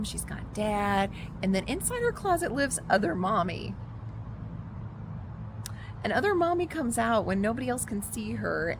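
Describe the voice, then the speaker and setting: Giggly, excitable woman book vlogger. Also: mid-range voice, background noise. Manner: excitable, giggly, many fillers. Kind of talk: casual vlog book review.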